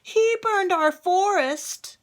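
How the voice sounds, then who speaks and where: A woman voicing an angry king in a children's storybook, calling out loud and high. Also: slow pace. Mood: indignant. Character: angry shouting king, grown man.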